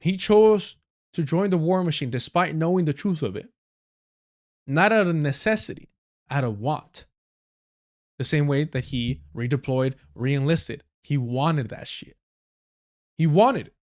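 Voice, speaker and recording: A man's voice: on the high side, animated, measured pace, pauses often, a little mellow. A man hosting a live stream, reacting to clips in heated, sarcastic, profanity-laced commentary. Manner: heated, sarcastic, swears a lot. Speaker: livestream commentator.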